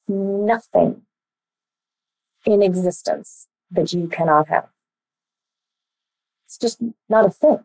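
A woman's voice: medium pitch, darkish tone, low-quality recording. A woman coaching listeners in a blunt, emphatic way, swearing casually and checking in with "okay?" often. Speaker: life coach. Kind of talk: motivational coaching talk.

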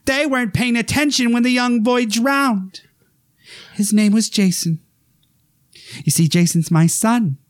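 A man voicing an unhinged middle-aged mother who has become a killer, in a high syrupy falsetto that turns menacing. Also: unhurried, pauses often. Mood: sweetly sinister.

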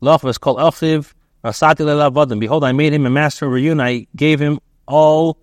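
A man teaching as a rabbi, a text aloud and translating it line by line in a halting way, with many restarts and fillers. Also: a little high, steady tone, no echo, studio quality.

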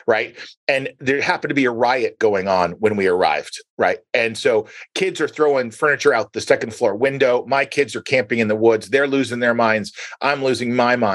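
A man's voice: medium pitch, no room sound. Man, podcast host, storytelling, long framing questions, dry sound. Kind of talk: conversational interview.

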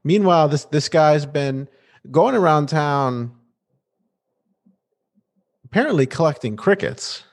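Animated man recapping a show. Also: a little high, slow, long pauses. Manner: animated and playful, with restarts. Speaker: podcast co-host. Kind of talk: casual TV episode recap chat.

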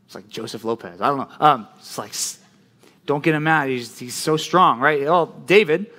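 A man preaching a casual youth sermon, telling the story in a chatty, animated way with lots of fillers. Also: fairly high pitch, normal speed. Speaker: youth pastor.

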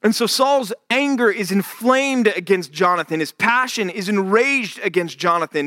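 Guy preaching, kinda casual and jokey, slightly high voice, bright tone. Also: lively intonation, moderate pace, few pauses, no room sound, studio quality. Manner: conversational, jokey retelling of scripture with voiced asides. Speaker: pastor. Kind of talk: sermon.

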